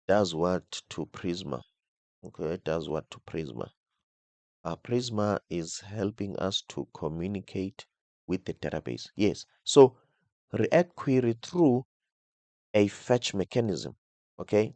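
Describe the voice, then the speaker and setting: A man with a low voice guides viewers through a coding tutorial, thinking aloud and restarting words as he explains. He checks in with "okay?" after almost every point. The recording is dry and close, with no room sound around him. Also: darkish tone, dry recording. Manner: explains step by step, tags nearly every phrase with "okay?". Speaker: coding instructor.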